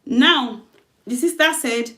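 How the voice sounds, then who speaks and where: Woman, fairly high voice, informal storyteller reading her own tale, chatty and unpolished, restarts lines. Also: slow, bright, forceful tone. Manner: loose, conversational retelling with self-corrections.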